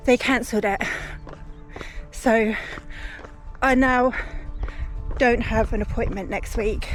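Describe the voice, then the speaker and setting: A woman filming herself on a humid outdoor run, rambling and upset as she talks to the camera. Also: a little high. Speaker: running vlogger. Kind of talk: self-filmed vlog on a run.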